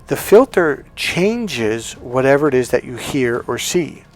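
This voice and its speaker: Animated male relationship coach. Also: mid-range voice, unhurried, soft background music. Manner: animated, acts out both sides of dialogues; frequent restarts and self-corrections. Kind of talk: casual teaching monologue.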